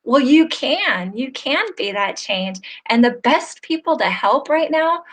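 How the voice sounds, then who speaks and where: A woman's voice: high voice, lively intonation, measured pace. A woman hosting a live online interview, telling stories in an earnest, heartfelt way that grows emotional, heard over a video call. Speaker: host.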